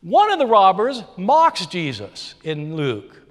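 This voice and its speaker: A man giving an emphatic debate speech, lecturing with lively emphasis. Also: high voice, slow pace. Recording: echoey hall.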